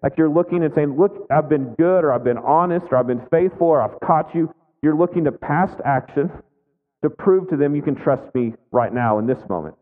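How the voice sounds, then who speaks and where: A man in his thirties preaching a sermon in a relaxed, conversational way, often checking in with "right?" as he tells a family story. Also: fairly high pitch, normal speed. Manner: conversational, frequent "right?" asides. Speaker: pastor. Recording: phone-like audio with long hall reverb.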